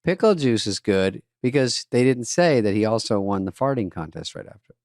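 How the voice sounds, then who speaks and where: A man co-hosting a podcast in casual comedic chat, with deadpan wisecracks. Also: on the low side, moderate pace, no echo, studio quality. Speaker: podcast co-host.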